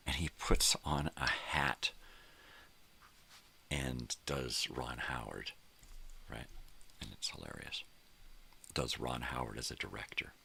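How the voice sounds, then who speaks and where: A man's voice: very deep voice, gravelly, bright, forceful tone, husky. An older man hosting a morning show, talking in a casual, rambling monologue full of fillers that trail off.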